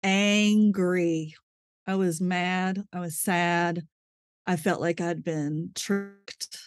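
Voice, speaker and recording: A woman's voice: fairly low pitch, fairly even intonation, very slow. A woman, a guest in an interview, telling a personal story candidly, laughing often and restarting her sentences.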